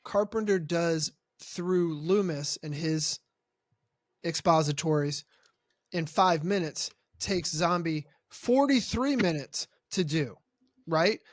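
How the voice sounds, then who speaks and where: A man's voice: fairly high pitch, animated, takes it slowly, dry recording, studio quality. A man co-hosting a horror film podcast, joking around and swearing freely in casual chat. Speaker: podcast co-host.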